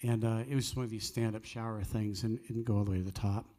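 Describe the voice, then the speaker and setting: A man's voice: on the low side, steady tone, quick pace, mellow. A man, hosting a live cafe music night, telling stories earnestly and preaching with jokey asides. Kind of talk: folksy storytelling with preaching.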